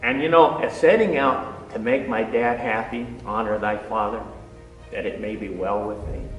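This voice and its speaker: An older man, a former Navy diver, telling his personal testimony in an earnest, halting way. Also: lowish voice, muffled recording, faint music behind. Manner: earnest, halting storytelling with restarts. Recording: echoey hall, speaker far from mic.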